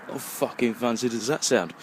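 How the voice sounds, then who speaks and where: Here a man in his twenties from England, a bit tipsy, talks at a moderate pace in a mid-range voice, rambling and swearing continuously. He's a vlogger walking home along a night street, recording on his handheld phone with faint passing traffic.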